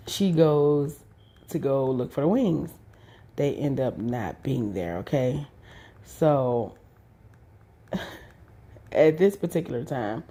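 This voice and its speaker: Low-voiced woman telling a story. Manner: profane, animated, laughing often. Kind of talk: casual storytime.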